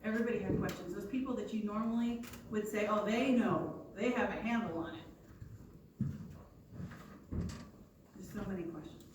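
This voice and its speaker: Woman, 40s, youth leader, lively storyteller, distant mic in an echoey hall. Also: mid-range voice, moderate pace, long pauses. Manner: animated storytelling with acted-out quotes. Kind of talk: personal story told to a youth group. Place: church youth room. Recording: echoey room from far off with noise.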